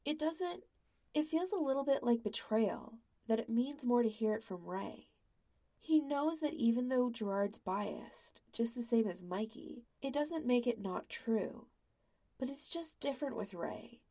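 A woman reading a story aloud in a soft, quiet, intimate way. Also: on the high side, lively intonation, a little slow, creaky. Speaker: podfic reader. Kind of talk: scripted narration of fan fiction.

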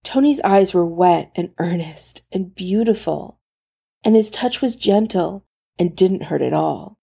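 A woman narrating a story aloud in a slow, intimate way. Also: fairly low pitch, lively intonation, vocal fry, warm tone, slightly rough. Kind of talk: reading fan fiction aloud.

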